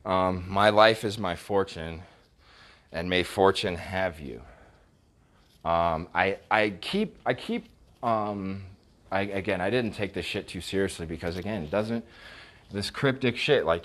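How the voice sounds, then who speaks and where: Very deep-voiced man on a profane rant. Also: unhurried, a bit bright. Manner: heavy swearing, scornful, stumbling restarts. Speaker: vlogger recounting text messages. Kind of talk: casual storytime rant.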